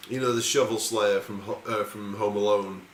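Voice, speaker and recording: A man's voice: on the low side, fairly even intonation, moderate pace. A man running a tabletop game as game master, narrating casually with loose, rambling asides and swearing. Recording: echoey room with faint noise.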